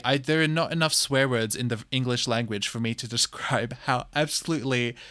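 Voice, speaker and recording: A man's voice: mid-range voice, bright, forceful tone, dry recording, studio quality. Blunt, swearing young man. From Australia. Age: 20s. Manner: blunt, exasperated, swears freely; repeats phrases for emphasis, many fillers. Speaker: podcast host. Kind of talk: opinionated solo podcast monologue.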